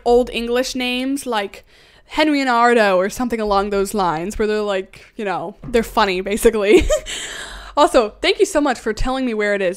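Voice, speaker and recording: A woman's voice: a little high, clean tone. A young woman streaming a game live, chatting casually in a giggly, bubbly way and answering her chat. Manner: usually talks fast. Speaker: game livestreamer. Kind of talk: casual livestream chat while gaming.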